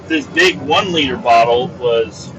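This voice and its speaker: Speaking at normal speed, a man hosts his podcast from a moving car on the highway, venting in a profane, meandering, exasperated monologue. The mic sounds far off and dull, with road and car noise throughout.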